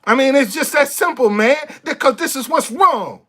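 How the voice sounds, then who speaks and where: A man venting straight into his camera in a blunt, foul-mouthed rant. He hammers the same phrases again and again and trips over quick restarts when heated. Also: extremely high pitch, animated, bright, forceful tone. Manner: blunt, profane, repeats himself for emphasis; stammers and restarts when fired up. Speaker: vlogger. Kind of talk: impassioned monologue to camera.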